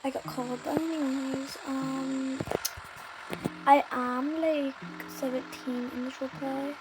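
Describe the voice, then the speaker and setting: A woman's voice: high voice, flat delivery, slow pace, noisy background. A British woman with a sore throat, narrating a game roleplay casually and rambling with many fillers. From United Kingdom. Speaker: roleplay gamer. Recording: loud background music.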